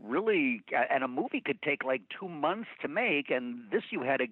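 Brief: male voice-actor guest, lively up-and-down delivery, dry tinny phone sound. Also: on the high side, moderate pace, no room sound. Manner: animated storyteller, slips into impressions. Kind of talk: casual interview chat. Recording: thin phone-line sound.

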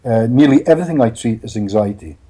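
Mellow, husky-voiced man telling stories. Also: medium pitch, fast talker. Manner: animated storyteller, laughs often, repeats words. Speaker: hypnotherapist guest. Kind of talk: casual interview chat.

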